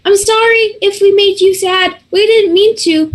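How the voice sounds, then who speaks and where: A woman's voice: very high-pitched, steady tone, unhurried. A woman voicing a nosy, eager young female werewolf pup who talks in a chirpy, sweet, apologetic way.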